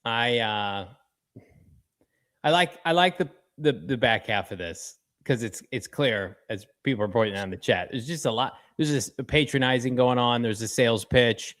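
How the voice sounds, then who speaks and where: A man co-hosting a sports talk show, joking and animated, with sudden jumps in pitch. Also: moderate pace.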